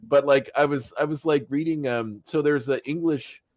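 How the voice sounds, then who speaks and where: Recapping a cartoon episode on his podcast, this talkative man narrates with animation, chuckles, and performs the quotes himself. His fairly high voice moves at a normal pace, recorded at studio quality with no room sound.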